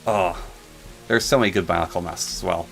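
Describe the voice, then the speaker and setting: A man's voice: sits low, brisk, creaky, soft background music. A man casually rambling and joking while narrating his gameplay. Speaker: gaming channel host.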